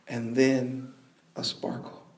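A man preaching a sermon, telling a story with bursts of shouting and laughter. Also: mid-range voice, wildly swooping pitch, slow, gravelly, echoey room.

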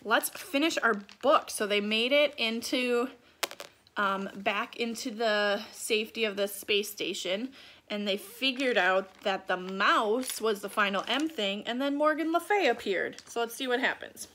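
A woman teacher reading a storybook aloud to young children in slow, clear, expressive speech. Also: a little high, slight background noise.

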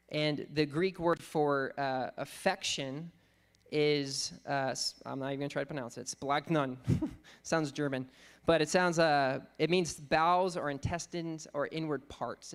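A man with a fairly high, smooth voice preaches a sermon, teaching earnestly. He reads scripture slowly and thinks aloud, using fillers as he goes.

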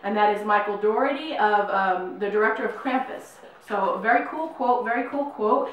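A woman's voice: mid-range voice, normal speed, a little hiss or hum. A middle-aged woman hosting a casual horror unboxing vlog at home, bubbly and gushing, with lots of fillers. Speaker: YouTube unboxing host. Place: home room, in New Mexico. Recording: very echoey room, mic at a distance.

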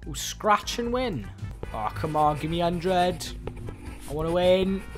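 A young man giving crude, jokey commentary while playing a game, with sudden shouted outbursts. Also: high voice, expressive, slow pace, faint music behind. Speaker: gaming YouTuber. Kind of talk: let's-play commentary.

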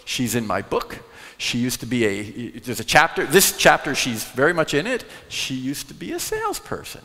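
A man's voice: medium pitch, normal speed. A man giving a live conference talk on sales, telling stories and acting out the people in them. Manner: animated storyteller who acts out quoted voices. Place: large conference hall. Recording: long hall reverb.

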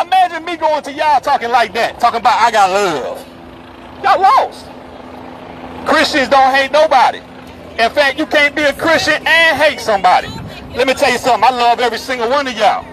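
A man with a strikingly high voice preaches out in the open on a busy street, forceful and repetitive as he calls out the passersby. Chatter from the crowd and passing traffic press in around him. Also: expressive, a little fast, low-quality recording. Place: busy city street outdoors. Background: crowd chatter and passing vehicles.

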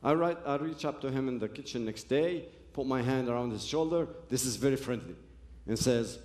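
A man tells his own story to an audience as a personal testimony, speaking earnestly in broken phrases and frequent restarts. His mid-range voice has a darkish tone and moves a little fast, and the recording sounds reverberant.

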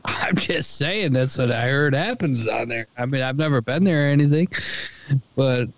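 A man's voice: mid-range voice, expressive, normal speed, dry recording. American guy cohosting a podcast, swears a lot, jokey and argumentative, dry close sound. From United States. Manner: profane, joking, playfully argumentative. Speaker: podcast co-host. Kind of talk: casual podcast banter.

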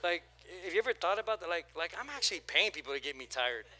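A man giving a casual, story-driven sermon as pastor in a church auditorium. His voice sits a little high and rings very bright, and he keeps drawing the congregation in with prompts to turn to their neighbor. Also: sing-song, fast talker. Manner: conversational, storytelling with acted quotes and crowd prompts.

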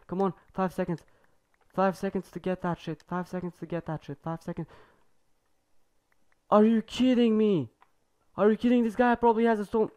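A teenage boy with a fairly high voice hosts his own gaming video. His commentary is casual and excitable, full of repeated phrases and the odd swear when things get tense. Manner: excitable, swears, repeats himself under pressure. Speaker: gaming YouTuber.

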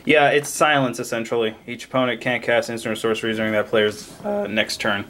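A man casually opening trading card packs on camera, excitably rattling off card names and cracking jokes. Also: mid-range voice, a little fast, slight background noise. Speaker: card pack opening vlogger. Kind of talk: casual card unboxing commentary.

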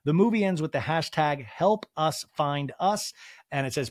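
A man's voice: a little high, lively intonation, normal speed, dry recording, studio quality. A man hosting a reality TV recap podcast, chatty and profane with lots of fillers and asides. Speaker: podcast host.

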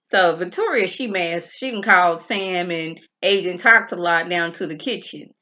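A woman casually recapping a TV episode in an animated, colloquial way, acting out the characters' lines. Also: on the low side, normal speed, hardly any pauses. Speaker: TV show reviewer.

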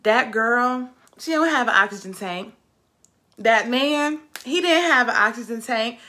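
A woman's voice: a little high, lively intonation, unhurried, sharp tone. A woman vlogging to camera about self-love, talking in an emphatic, repetitive way and calling her viewers "baby" and "ladies". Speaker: vlogger and travel nurse. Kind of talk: casual motivational talk to camera.

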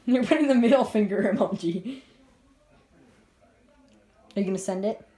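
A woman's voice: medium pitch, normal speed, mellow. Woman teasingly quizzing a friend. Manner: teasing, keeps pressing with questions. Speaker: vlogger filming a friend. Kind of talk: casual vlog chat.

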